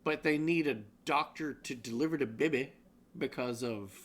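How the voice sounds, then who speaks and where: A man's voice: mid-range voice, moderate pace, fairly bright tone. A man co-hosting a comedic live-streamed news roundup, rambling and joking, often laughing. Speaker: co-host.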